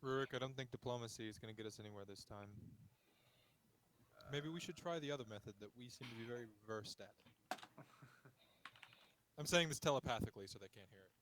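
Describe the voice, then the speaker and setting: A man playing a tabletop game, asking dry, quick questions and talking in character. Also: mid-range voice, a bit bright, slight background noise. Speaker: player. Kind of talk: in-character roleplay.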